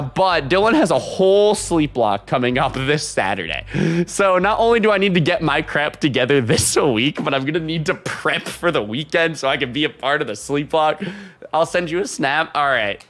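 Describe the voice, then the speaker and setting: Animated, rambling male streamer. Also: on the high side, a little fast. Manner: animated, rambling, reads chat aloud and laughs often. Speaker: live streamer. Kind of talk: casual chat with live stream viewers.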